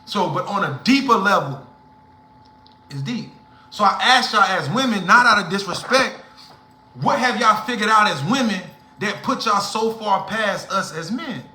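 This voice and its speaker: A man's voice: sits high, pushed and bright. Young man, livestream rant, profane, heated, echoey room. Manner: blunt, profane, heated lecturing. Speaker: livestream host.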